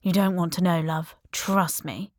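A woman reading the part of a blunt middle-aged male mall security guard, gruff and familiar, in a storybook reading. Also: on the low side, fairly even intonation, unhurried, no echo, clean studio sound, natural voice.

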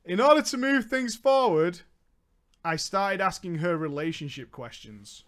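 A man's voice: sits high, expressive, measured pace, fairly bright tone. A man hosting a comedy podcast, reading a story aloud with exaggerated, laughing banter.

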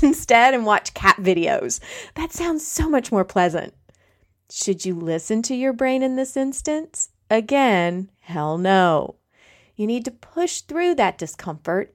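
A woman coach talks straight to her listeners in a solo podcast. Her delivery is emphatic and conversational, with a mid-range voice. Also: mid-range voice.

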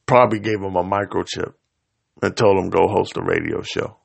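A man delivering a profane, confrontational rant straight to his audience, swinging between loud outbursts and low mutters. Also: steady tone, moderate pace, gravelly. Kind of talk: profane angry rant to camera.

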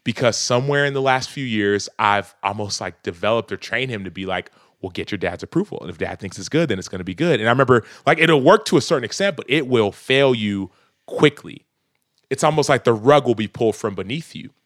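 A man's voice: medium pitch, lively intonation, a little fast, fairly bright tone, no room sound, studio quality. A man in his thirties, a podcast guest talking earnestly and reflectively in casual conversation, often breaking into laughs.

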